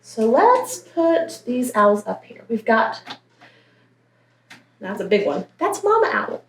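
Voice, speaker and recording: A woman's voice: fairly high pitch, very animated, slow, recorded from a distance. A woman librarian leading a story time, reading a picture book aloud and talking playfully to young children. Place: branch library. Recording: roomy echo, faint background hiss.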